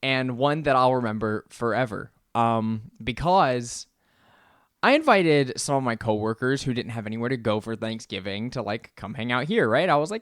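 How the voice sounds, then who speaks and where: An animated young man, co-hosting a podcast, tells a story in casual conversation, laughing often and acting out quotes. His mid-range voice moves at a moderate pace, captured in a dry, clean studio recording.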